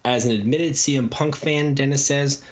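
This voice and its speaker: A man's voice: mid-range voice, steady tone, moderate pace. A man co-hosting a wrestling podcast, reading out trivia questions and quoted promos in casual chat, laughing easily. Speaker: podcast co-host running trivia.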